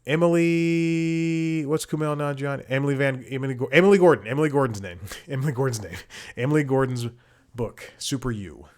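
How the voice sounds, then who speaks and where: A man's voice: medium pitch, fast talker. A man hosting a comedy podcast from his home, talking in a rambling, casual way with lots of restarts and exasperated swearing. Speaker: podcast host. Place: home room with bookshelves.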